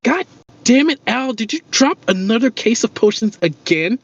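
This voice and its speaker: A man voicing a brash elven woman who runs an item shop, scolding loudly and briskly. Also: high voice, very animated. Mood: exasperated. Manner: loud, exasperated scolding. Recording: dull lo-fi audio.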